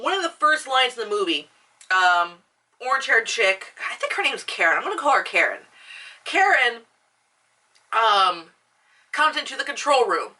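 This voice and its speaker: A woman's voice: fairly high pitch, bright, forceful tone, distant mic. A young woman vlogger ranting casually about a film, swearing often, full of fillers and restarts. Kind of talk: casual rant.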